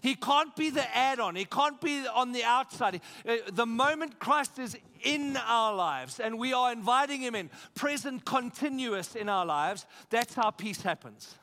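High, bright South African preacher. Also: male voice, unhurried, few pauses. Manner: energetic, emphatic preaching with repeated phrases and audience questions. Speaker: pastor. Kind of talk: sermon. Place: church.

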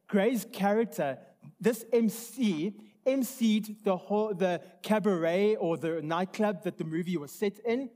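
A man's voice: high voice, warm tone. A man preaching a sermon in a church hall, earnest and conversational, often restarting his sentences. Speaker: pastor.

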